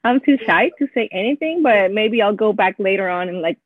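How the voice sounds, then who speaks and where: A young woman with a Spanish accent, talking fast and animatedly in a casual conversation, often quoting herself. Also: mid-range voice, expressive, no echo. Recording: thin phone-like call audio, dry and husky.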